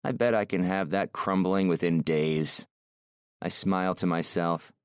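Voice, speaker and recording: A man narrating a romance audiobook in the first person, measured and intimate, on a close mic. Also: sits low, smooth, dry recording.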